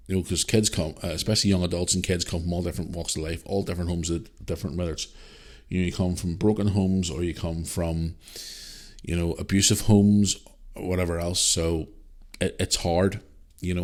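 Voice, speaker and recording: This is a man with a low, deep voice talking through a solo podcast episode. He rambles casually as he answers listener emails, repeating himself, restarting sentences and swearing bluntly. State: parent, a single dad. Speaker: podcast host.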